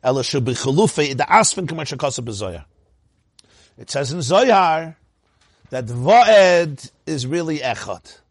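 Animated husky man teaching a class. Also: measured pace, no echo, studio quality. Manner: animated, laughs often, swoops up into a high voice.

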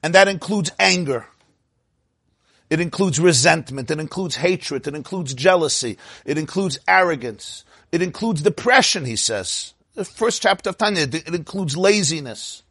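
Man, rabbi giving a Torah class; higher voice, dry close sound, animated and questioning. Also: normal speed, husky, dry recording. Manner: animated, asks the audience "huh?" and acts out quotes.

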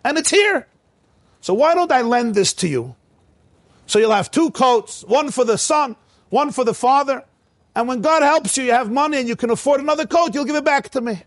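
A man voicing a wise older rabbi who explains himself calmly and kindly in a told story. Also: very high-pitched, moderate pace, dry recording, voice pushed up. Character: wise older male rabbi, calm and generous.

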